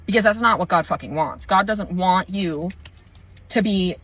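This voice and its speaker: A woman giving a heated, profane spiritual monologue, swinging between slow, deliberate emphasis and rushed outbursts as she preaches mindfulness. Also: on the low side, fairly bright tone, slightly rough, rough recording. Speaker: spiritual content creator.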